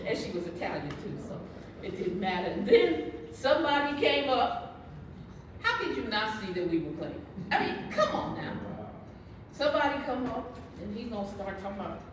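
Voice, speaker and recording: A woman with a fairly high, very animated voice speaks at normal speed while leading a Bible study in a church hall, sharing her own testimony and acting out the voices of the people in it. She's recorded from a distance in an echoey room with background noise.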